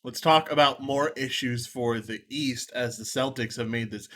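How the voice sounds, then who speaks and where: A man's voice: mid-range voice, normal speed, bright, forceful tone. A man co-hosting a sports show, chatting casually and running through game results with frequent laughs. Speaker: co-host of a sports betting show.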